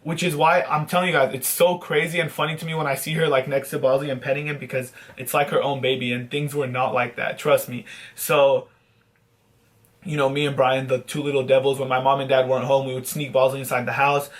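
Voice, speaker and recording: A man's voice: mid-range voice, level tone, a little fast. A young man vlogging, telling a long casual story with swearing and mock-dramatic sad asides.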